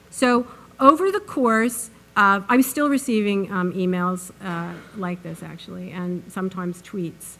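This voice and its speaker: Woman, mid-pitched voice, earnest lecture, lots of fillers and restarts, university hall, lecture mic. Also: unhurried, a bit bright. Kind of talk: academic public lecture.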